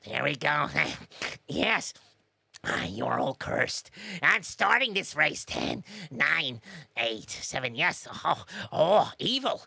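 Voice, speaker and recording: A man with a fairly high voice calls a marble race on a live stream, jumping between jokes, shout-outs and play-by-play. His delivery is excitable and playful, and the sound is close and dry, with no room around it. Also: slow pace, vocal fry, dry recording. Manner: jokey, excitable, slips into mock accents.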